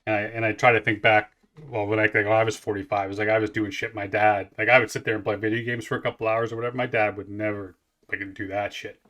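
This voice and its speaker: A man in his late forties talks through a track in a low but bright, punchy voice. He rambles and restarts his sentences, swearing freely as he reacts. His delivery stays loose and conversational. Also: little pitch movement, fast talker. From Canada. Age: 40s. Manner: rambling, profane, many restarts. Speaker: music reaction host. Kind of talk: casual reaction commentary.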